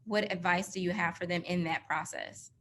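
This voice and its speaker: A woman's voice: on the low side, steady tone, moderate pace, a bit bright. A woman hosting a live online interview, affirming and asking long, thoughtful questions. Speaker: interview host. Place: online video call.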